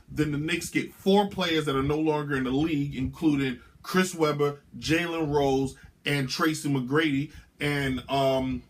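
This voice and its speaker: Brash male sports show host. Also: a little high. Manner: brash, animated, sing-song rants. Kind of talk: opinionated sports commentary monologue. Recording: music bed underneath.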